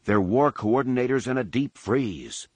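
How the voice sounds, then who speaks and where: A man's voice: mid-range voice, expressive, unhurried, dry recording. A male audiobook reader voicing a young man who explains things in a matter-of-fact way. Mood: explaining. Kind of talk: audiobook character voice.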